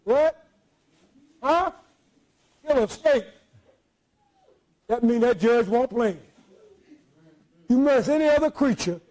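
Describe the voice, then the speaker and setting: A man preaching a sermon as pastor, shouting out to his congregation with folksy, joking asides. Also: very high-pitched, low-quality recording.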